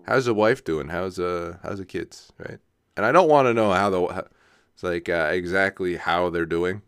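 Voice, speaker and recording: A man's voice: sits low, normal speed, fairly bright tone, smooth, no echo, clean studio sound. A young man hosting a solo podcast, rambling casually, often laughing at himself and checking in with "right?". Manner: casual, self-mocking, laughs often, says "right?" a lot. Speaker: podcast host.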